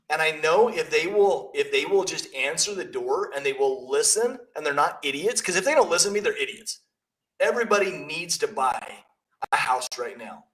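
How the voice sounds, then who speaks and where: A man talks business on a podcast in a blunt, emphatic way. His voice sits slightly high for a man. He coaches agents with punchy stories. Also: fairly bright tone, poor audio. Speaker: realtor and coach. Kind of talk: casual business podcast chat.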